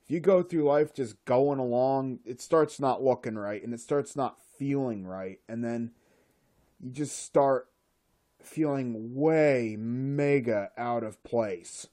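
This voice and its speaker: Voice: medium pitch, slow, dark tone. A speaker delivering a solo rant in an exasperated, sarcastic way.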